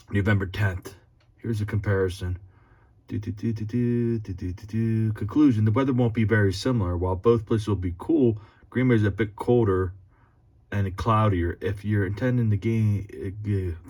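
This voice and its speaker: Husky-voiced man rambling on a casual vlog. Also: fairly low pitch, a little mellow. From Philadelphia area. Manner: rambling, chuckling, blunt and profane asides. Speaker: sports fan vlogger. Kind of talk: casual rambling vlog, reading answers aloud.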